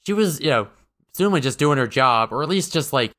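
Quick and fairly bright, the mid-range voice of this male podcast co-host carries lively intonation. The talk is casual and wry, meandering through many fillers and restarts.

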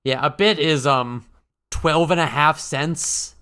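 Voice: medium pitch, slow, pushed and bright. A man co-hosting a podcast, chatting casually and wryly, with many fillers and restarts. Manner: rambling, lots of fillers and restarts, wry. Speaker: podcast co-host. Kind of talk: casual chat.

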